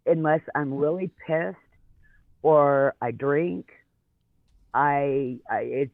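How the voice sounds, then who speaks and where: A man's voice: a little high, slow pace, gravelly, dry recording. A male co-host with a slight Southern accent, chatting casually and easygoing, laughing often. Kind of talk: casual chat. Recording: tinny phone line.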